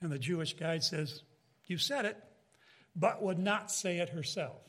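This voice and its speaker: A man with a notably high-pitched voice delivers a Bible teaching in sermon style. His delivery is emphatic, rising and falling. He turns often to his listeners with quick asides. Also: fairly bright tone. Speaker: preacher.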